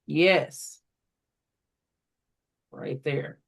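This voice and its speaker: Guiding tutors through a walkthrough, this reading program instructor speaks in a mid-range voice and carefully breaks words into individual syllables.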